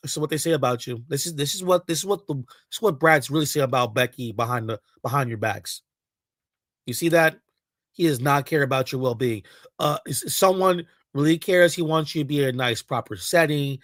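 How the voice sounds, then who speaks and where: A man's voice: medium pitch, brisk, a bit bright, dry recording, clean studio sound. A man hosting a livestream, ranting heatedly and profanely, talking back to his chat. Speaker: livestream host.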